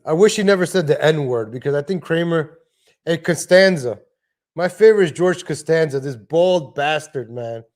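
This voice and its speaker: Man, livestream host, casual rant, rambling, slightly high voice, home desk mic. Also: a little mellow. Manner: rambling, frequent restarts and asides. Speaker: live stream host. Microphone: home desk microphone.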